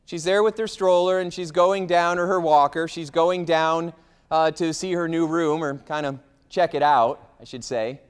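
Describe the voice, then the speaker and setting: A man giving a motivational talk, telling stories with lively, acted-out dialogue. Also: on the high side, normal speed, smooth. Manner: animated storytelling, acting out a frustrated man's complaints. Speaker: motivational speaker.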